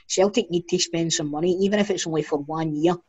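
A man's voice: on the high side, steady tone, fast, a little mellow, slightly rough. A Scottish man co-hosting a football podcast, rambling casually through his opinions. His voice comes through slightly dull and lo-fi. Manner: rambling, loose, laughs along. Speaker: podcast co-host. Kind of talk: casual chat.

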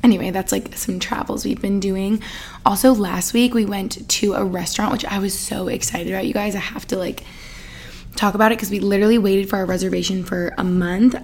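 A woman's voice: medium pitch, fairly even intonation, brisk, a little mellow, husky. A young woman in her twenties from the Boston area, hosting a casual solo podcast, chatty and giggly, with lots of fillers. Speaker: podcast host.

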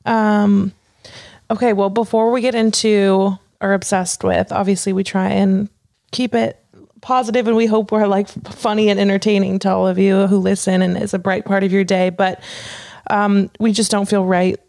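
Young woman with a gravelly voice, dry sound. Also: mid-range voice, level tone, normal speed, a little mellow, no echo. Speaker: podcast co-host. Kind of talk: casual chat.

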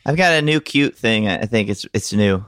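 A man's voice: lowish voice, lively intonation, normal speed, a bit bright, no echo, studio quality. A man co-hosting, teasing his friends in casual comedic banter. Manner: teasing and playful.

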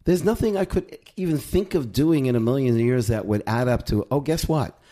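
A man who is a rabbi and author speaks as a guest in an interview, reflecting gently like a teacher. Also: mid-range voice, lively intonation, normal speed. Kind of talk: conversational interview.

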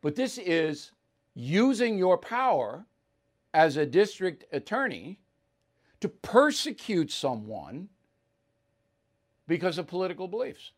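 A man's voice: sits high, very animated, slow pace, pauses often. A male talk host delivering blunt, combative opinion commentary with mocking asides.

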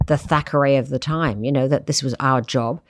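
An older woman, a magazine editor, speaks in a bass voice a little fast, recorded at studio quality with no room sound. As a guest in a relaxed interview, she tells lively stories full of asides and plenty of "you know" and "I mean".

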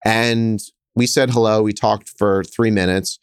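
A man in his thirties, a hotel investor, telling stories in a lively, conversational way, speeding up and getting louder as he acts out scenes. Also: fairly low pitch, clear, resonant tone, no echo, clean studio sound. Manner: animated, quick storyteller who gets louder acting out scenes. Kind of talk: conversational interview storytelling.

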